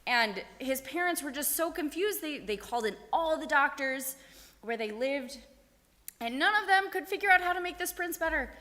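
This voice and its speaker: A woman telling a story to a group of children, animated and asking them questions along the way, in a synagogue sanctuary. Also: high-pitched, moderate pace. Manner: animated, asks the kids questions. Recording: echoey hall.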